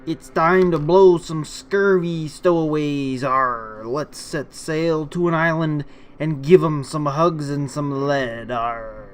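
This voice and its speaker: A man voicing a gruff male pirate captain in a game video, loud and full of pirate slang. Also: fairly high pitch, slow, faint music behind. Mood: swaggering.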